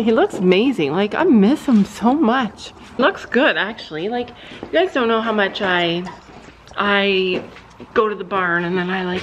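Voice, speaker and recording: A woman's voice: medium pitch, muffled recording, slight background noise. A woman vlogging outdoors at a horse barn, talking in a rambling way with many restarts and fillers. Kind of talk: casual vlog chat.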